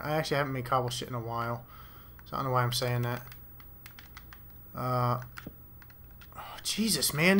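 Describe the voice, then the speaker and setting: A man's voice: mid-range voice, pushed and bright. A young man giving rambling, profane commentary to himself while playing a game. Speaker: gamer. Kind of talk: casual let's play commentary.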